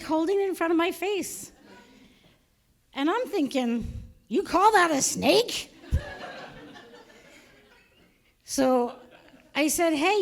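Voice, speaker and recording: A woman's voice: extremely high pitch, slight background noise. A woman performing a stand-up comedy set, telling a story and acting out the voices of her family. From Canada. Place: live show venue with audience.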